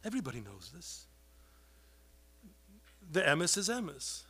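Preacher guy, high bright voice, passionate, keeps pleading, everywhere. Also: very animated, takes it slowly, husky. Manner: pleading, rises to loud outbursts, heavy Yiddish and Hebrew terms. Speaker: rabbi giving a talk. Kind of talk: impassioned sermon.

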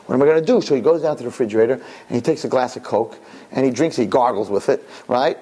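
A man, a rabbi, giving a Torah lesson and telling a parable in an animated way, often asking "right?". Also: medium pitch, fast talker. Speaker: rabbi teaching students.

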